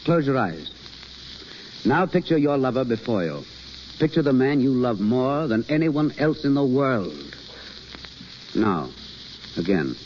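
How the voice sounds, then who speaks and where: A polished, theatrical acting teacher in a 1930s radio play, with a very lively, swooping intonation. He turns smooth and evasive when pressed. The audio is muffled and lo-fi with a light hiss, like an old broadcast. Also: medium pitch, measured pace, pauses often.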